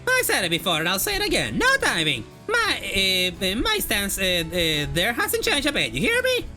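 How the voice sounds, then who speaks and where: A game streamer putting on a stern older woman who bluntly warns two youngsters off, pitched higher than the streamer's own talk. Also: wildly swooping pitch, moderate pace, bright, forceful tone, soft background music, heavily acted. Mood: scolding. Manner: scolding, blunt, warning.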